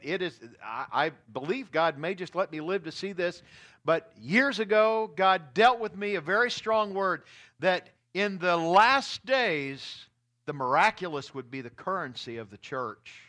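A man, a pastor, preaching a sermon to his congregation, swinging between loud, urgent lines and hushed ones. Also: high voice.

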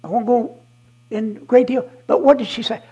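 Fiery preacher with a husky voice. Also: mid-range voice, fairly even intonation, moderate pace, rough recording. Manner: fiery, swings from shouting to hushed asides; emphatic and repetitive. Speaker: guest preacher. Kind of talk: sermon.

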